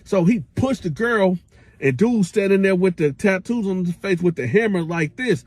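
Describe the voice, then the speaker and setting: A man's voice: high voice, lively intonation, normal speed, darkish tone, no echo. A man telling a casual storytime tale in slangy speech, acting out the quotes and making sound effects with his voice.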